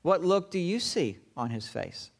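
A man preaching a sermon, telling the story dramatically and often dropping to a hushed, low tone. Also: sing-song, measured pace, vocal fry. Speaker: pastor.

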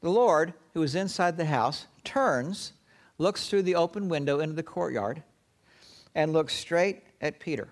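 A man preaching a sermon, telling the story dramatically and often dropping to a hushed, low tone. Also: lively intonation, measured pace. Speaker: pastor.

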